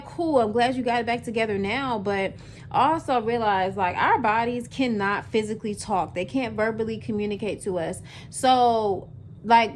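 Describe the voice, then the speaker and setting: A woman's voice: fairly high pitch, a little hiss or hum. A woman in her twenties talking casually to camera as a vlogger, chatty and full of fillers, speaking straight to her viewers. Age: 20s. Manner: chatty, filler-heavy, addresses viewers as y'all.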